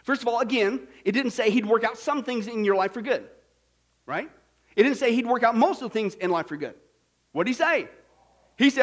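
A man preaching a sermon as pastor, swinging between hushed asides and emphatic, shouted passages. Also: high-pitched, moderate pace.

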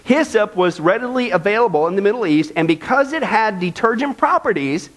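A man preaching a sermon as pastor, conversational and animated, often checking in with "okay?". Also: high-pitched, brisk, rough recording.

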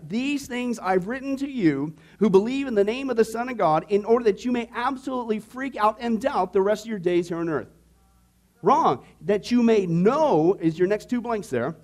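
A man's voice: high-pitched, darkish tone. A man teaching a discipleship Bible class to a live group, playful and jokey, often checking in with "okay?" and "right?".

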